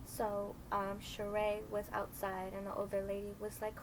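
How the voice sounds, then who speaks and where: A young woman in her twenties telling a story in loose, rambling chat, full of fillers and restarts. She sits at an ordinary middle pitch and slips into voices for the people in her tale. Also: completely flat delivery, moderate pace, noisy background. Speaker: storytime vlogger. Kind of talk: casual storytelling.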